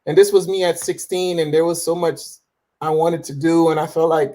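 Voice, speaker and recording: A man's voice: a little high, little pitch movement, brisk, a little mellow. A man in his forties speaking as an interview guest, telling his faith story with self-assured conviction and plenty of restarts and fillers. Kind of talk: casual interview talk about faith.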